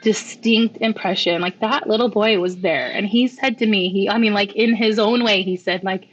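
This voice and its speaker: A woman's voice: mid-range voice, steady tone, normal speed, hardly any pauses, dull audio, a little hiss or hum. A woman speaking as a podcast guest, telling a heartfelt story in a chatty way and often quoting what others said. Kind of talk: conversational storytelling. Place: lives in Hawaii, roosters audible outside.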